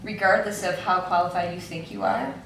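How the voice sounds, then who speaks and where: A woman's voice: fairly low pitch, fairly even intonation, brisk. A woman co-hosting a book club chat, reading a passage aloud, then reflecting earnestly. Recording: echoey room, far from mic, background noise.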